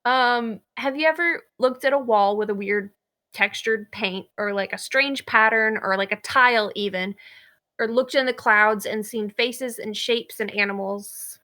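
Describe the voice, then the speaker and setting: A woman's voice: fairly high pitch, unhurried, sharp tone. A young woman co-hosting a podcast, chatting candidly and laughing easily as she talks about a story she picked. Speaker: podcast co-host. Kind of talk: casual chat.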